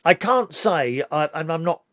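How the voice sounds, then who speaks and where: A British man chats away to his camera in a loose, rambling monologue, full of opinions and quick to get worked up. His voice sits a little high for a man, and it is recorded dry, with no room sound around it. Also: animated, a bit bright, no echo. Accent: British English. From Britain. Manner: chatty, rambling, opinionated, rising to indignant outbursts. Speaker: vlogger. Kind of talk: casual talk to camera.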